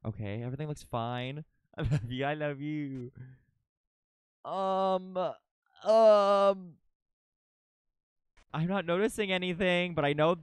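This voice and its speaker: A young adult livestreamer giving excitable, casual commentary during gameplay, thinking aloud, swearing freely and chatting with viewers. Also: mid-range voice, clean tone, no room sound.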